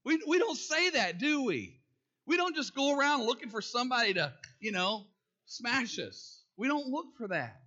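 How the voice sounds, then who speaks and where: High, bright-voiced pastor. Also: male voice, very animated, normal speed, dull audio. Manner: folksy, asks the congregation questions, laughs at his own jokes. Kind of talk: sermon.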